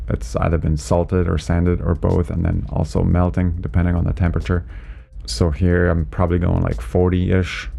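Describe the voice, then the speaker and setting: A man who is a driving instructor, explaining winter driving in a relaxed, chatty way from inside his car, with lots of "you know" and "right?". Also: low voice, creaky. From Canada. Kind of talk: casual instructional commentary while driving.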